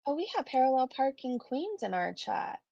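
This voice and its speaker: Chatty woman streamer with gravelly fry. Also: high-pitched, sing-song, normal speed, muffled recording, noisy background. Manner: chatty, reads viewer comments aloud, frequent swearing and laughs. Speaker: commentary streamer. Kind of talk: casual live-stream commentary.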